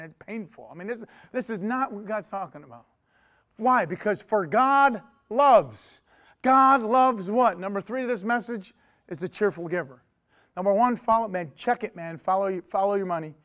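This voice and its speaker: A middle-aged man preaching a sermon as pastor, swinging between booming proclamation and hushed, intense asides.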